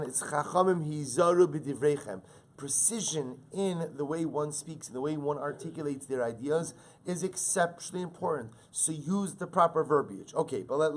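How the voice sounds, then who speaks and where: Rabbi, man, Talmud class teacher; animated, stressing quoted texts. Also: on the high side. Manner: animated, repeats words, rises loudly on Hebrew and Aramaic quotes.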